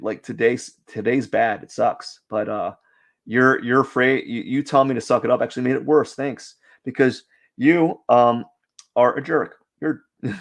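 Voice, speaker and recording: A young man chatting casually on a drawing live stream, rambling with lots of fillers and restarts. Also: mid-range voice. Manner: rambling, self-deprecating, many fillers and restarts.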